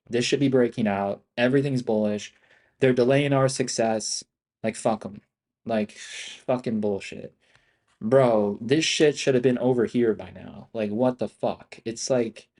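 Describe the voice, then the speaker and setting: A young man live-streams his stock trades, frustrated, swearing constantly and calling viewers "bro" and "dude" in his trading commentary. His voice is mid-range and warm.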